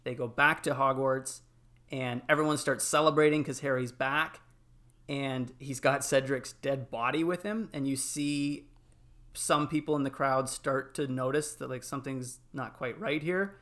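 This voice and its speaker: A man in casual podcast chat, telling film moments with lots of fillers and animated retellings. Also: mid-range voice, unhurried. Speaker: podcast panelist.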